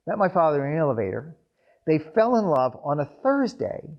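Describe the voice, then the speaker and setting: A man telling a family story to a live audience in an animated storytelling style with wry asides. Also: a little high, brisk, dull audio.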